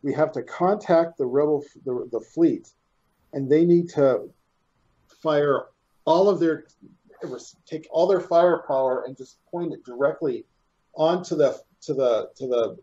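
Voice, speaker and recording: Guy player thinking out loud, halting, mellow voice, muffled lo-fi sound. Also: a little high. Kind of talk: tabletop game play. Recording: dull lo-fi sound.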